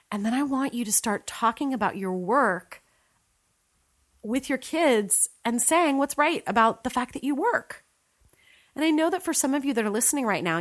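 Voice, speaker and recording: A woman in her forties, a life coach talking to listening mothers in an earnest, emphatic way, slowing down on key points. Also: lowish voice. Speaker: life coach and podcast host. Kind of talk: motivational solo talk to listeners.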